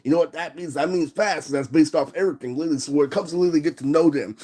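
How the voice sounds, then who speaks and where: A man's voice: fairly high pitch, rapid-fire, mellow, husky. A young man ranting on a livestream, rambling and profane with constant fillers.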